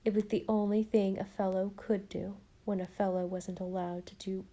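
A woman reads a classic children's novel aloud as an audiobook narrator. Her voice is warm and mellow at a middle pitch. She is expressive and often softens to a hush. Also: normal speed.

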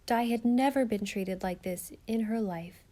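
A woman narrating a storybook in a steady, expressive reading. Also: on the high side, unhurried. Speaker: audiobook narrator.

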